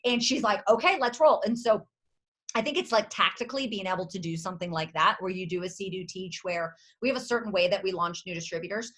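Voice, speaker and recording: A woman leading a motivational leadership call for her sales team, speaking with energy and emphasis and repeating her slogans, sometimes breaking into excited cheers. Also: medium pitch, fast. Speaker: network marketing team leader. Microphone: video or conference call.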